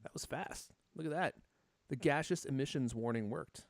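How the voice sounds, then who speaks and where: A man's voice: medium pitch, normal speed, creaky. A man hosting a casual live-streamed tech podcast, joking around and reading out viewer comments. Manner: jokey, reads out viewer comments. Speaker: podcast host.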